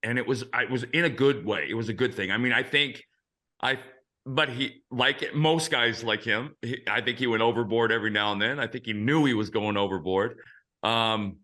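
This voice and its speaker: A man in his fifties hosts a casual sports chat, spinning frank, salty anecdotes from his playing days. His voice is bright and forward, and the pitch sits at an ordinary middle level. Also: moderate pace. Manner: frank, profane anecdotal storyteller. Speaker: host, former big-league pitcher.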